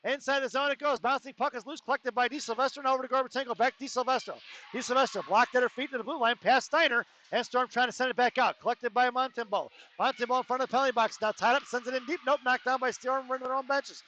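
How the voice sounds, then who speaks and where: High bright-voiced male hockey announcer. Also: fairly even intonation. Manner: rapid-fire play calling with joking asides. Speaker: play-by-play announcer. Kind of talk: live hockey commentary. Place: ice arena. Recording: dull lo-fi arena stream with faint noise.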